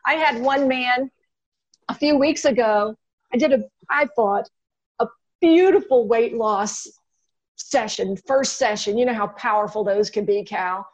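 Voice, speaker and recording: A woman's voice: fairly high pitch, unhurried, low-quality recording. A woman hypnotist in casual teaching talk, telling stories animatedly and acting out her client's lines. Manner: animated storytelling, acts out client dialogue. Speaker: guest hypnotist.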